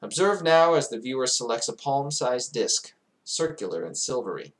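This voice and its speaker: A man's voice: medium pitch, sing-song, normal speed. A man narrating a fantasy world in character as its guide, grandiose and digressive, swelling at times into emotional peaks.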